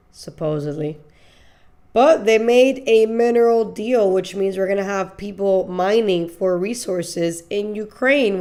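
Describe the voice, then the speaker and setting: A woman's voice: mid-range voice, darkish tone. A young woman hosting a podcast, chatting loosely about the news, joking and laughing often, with casual swearing. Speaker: podcast host. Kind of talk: casual political commentary.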